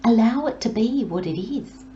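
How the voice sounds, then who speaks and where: A woman giving a pick-a-card tarot reading in a slow, gentle, soothing way, with long pauses and soft near-whispers. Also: fairly high pitch, lively intonation, reverberant, dull audio, slight background noise. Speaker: tarot reader.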